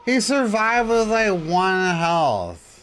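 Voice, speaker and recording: A man streaming a game speedrun, commenting live, swearing and exasperated, often yelling at enemies. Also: high-pitched, big pitch swings, takes it slowly, slight background noise.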